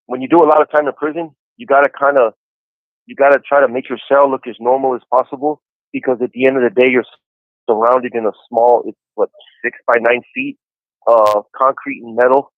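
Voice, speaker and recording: A man's voice: medium pitch, steady tone, normal speed, long pauses, no echo. A man in his forties calling in to a podcast, chatting casually and telling his story in an easygoing way with lots of "you know". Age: 40s. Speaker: incarcerated caller on a podcast. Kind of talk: casual phone chat. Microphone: phone handset. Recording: tinny prison phone line.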